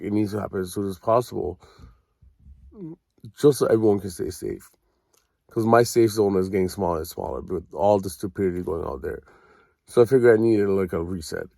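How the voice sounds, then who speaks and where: A man's voice: fairly low pitch, vocal fry, mellow, dry recording, clean studio sound. A young man from Canada, ranting casually in a profane, rambling and sarcastic way. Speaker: vlogger.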